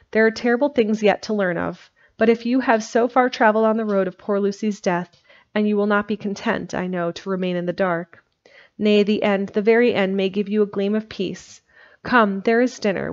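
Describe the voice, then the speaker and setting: A woman voicing a grave, gentle male Victorian doctor, speaking in a solemn, measured way over a dull lo-fi recording. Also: mid-range voice, natural voice.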